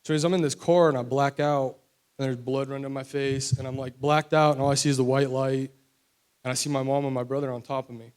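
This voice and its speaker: A man's voice: medium pitch, fairly even intonation, fast, darkish tone, smooth. A young man from West Virginia telling his personal recovery testimony in a candid, rambling way full of fillers. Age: young adult. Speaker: testimony speaker.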